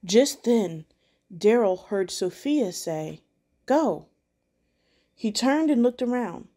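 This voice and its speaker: A woman reading a Christmas story aloud at a church, calm and measured. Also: mid-range voice.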